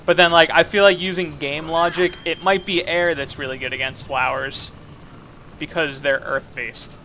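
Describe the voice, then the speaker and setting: There's a little hiss or hum behind this man's sharp, higher-pitched voice as he talks at a moderate pace with fairly even intonation. Commentating a co-op game, he keeps up a playful, filler-heavy ramble in casual gaming chat.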